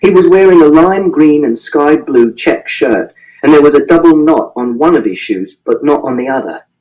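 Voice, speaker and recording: Man narrating with a lively, high voice. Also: normal speed, rough recording. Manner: precise, literal, matter-of-fact telling. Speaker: audiobook narrator. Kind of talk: first-person audiobook narration.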